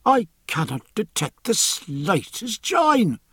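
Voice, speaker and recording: A man reading an audiobook, voicing a delighted, effusive gentleman who thanks his host warmly. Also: sits high, sing-song, slow pace, slightly rough, dry recording, clean studio sound, voice pushed up, exaggerated voice. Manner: effusive, grateful. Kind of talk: audiobook character voice.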